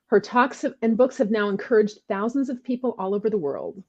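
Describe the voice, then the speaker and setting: A woman's voice: mid-range voice, expressive, brisk. Friendly podcast host woman, slightly dull sound. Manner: friendly, informal, talks in loose restarts. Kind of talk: guest introduction and casual chat.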